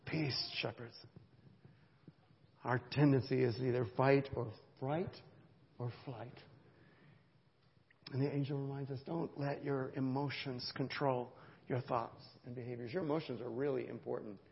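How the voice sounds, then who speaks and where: A man preaching a sermon as pastor, emphatic, swelling louder on key points and often checking in with "right?". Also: mid-range voice, steady tone, measured pace, gravelly, long pauses, big-room sound, lo-fi sound. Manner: emphatic, rises in volume for key points, frequent "right?" asides. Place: church sanctuary.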